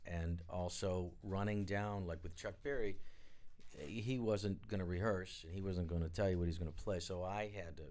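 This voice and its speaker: A man, a guest on a live studio interview, telling rambling, animated stories and acting out the people he quotes. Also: sits low, moderate pace. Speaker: guest, record producer and drummer. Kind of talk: anecdotal storytelling interview.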